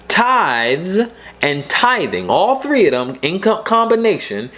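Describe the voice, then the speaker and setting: A man's voice: sits high, big pitch swings, moderate pace, a bit bright. A middle-aged man preaching a sermon, emphatic and repeating his key points for the congregation.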